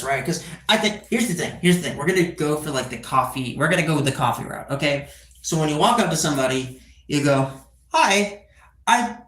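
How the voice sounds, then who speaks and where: A man's voice: on the high side, a bit bright, roomy sound. A twenty-year-old man chatting casually on a live stream, rambling with crude joking asides and tagging "right?" onto his sentences. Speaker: livestreamer.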